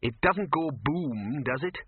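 A man's voice: mid-range voice, expressive, slow pace, slightly rough, dry recording, voice pushed up. A man voicing a curious male friend who keeps prodding with questions. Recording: narrow phone-like radio sound.

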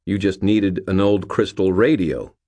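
A man's voice: sits low, a little slow, mellow. A man voicing a skinny nerdy young man who talks earnestly and eagerly.

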